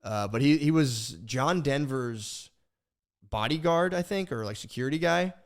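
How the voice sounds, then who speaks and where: A young man co-hosting a podcast, telling a long rambling story in casual talk, profane and animated, with many restarts. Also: medium pitch, normal speed. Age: young adult. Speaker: podcast co-host.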